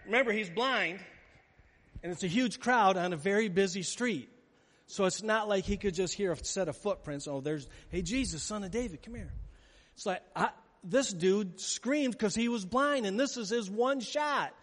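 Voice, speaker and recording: A man preaching a sermon with animated storytelling, acting out the scenes he describes. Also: high voice, normal speed. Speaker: pastor. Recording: echoey hall with long reverb.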